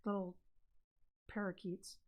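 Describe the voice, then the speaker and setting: A woman's voice: medium pitch, level tone, slow pace, darkish tone. A woman co-hosting a live stream in casual chat. She tells stories and often jumps in while her co-host talks. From Idaho, USA. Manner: chatty storyteller, jumps in often.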